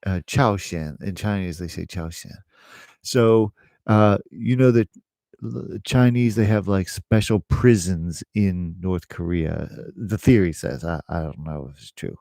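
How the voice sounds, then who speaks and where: A man's voice: on the low side, a little mellow, dry recording, studio quality. A middle-aged man, an English teacher, chatting casually to camera in a rambling way, with fillers and laughs.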